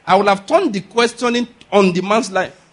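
A man's voice: high voice, moderate pace, fairly bright tone. A man preaching a sermon, emphatic, asking rhetorical questions, repeating key lines and calling for the audience to answer. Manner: calls for audience responses.

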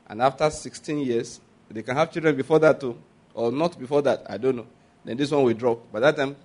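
A middle-aged man preaching a sermon, drawing the congregation into call-and-response and dropping humorous asides. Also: a little high. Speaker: pastor.

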